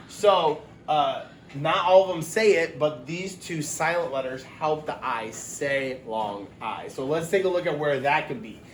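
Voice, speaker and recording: Man, phonics teacher, encouraging, slightly high voice, roomy echo, faint background noise. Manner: upbeat, encouraging, stretches out sounds. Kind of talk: phonics lesson for children.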